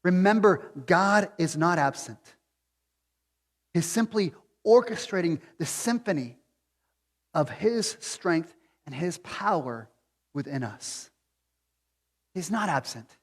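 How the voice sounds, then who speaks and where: A man with a notably high voice preaches a sermon to his church. His delivery swings between hushed, reflective stretches and loud, pleading appeals. The sound rings with the long reverb of a large hall. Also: animated, takes it slowly, long pauses. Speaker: pastor. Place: church sanctuary.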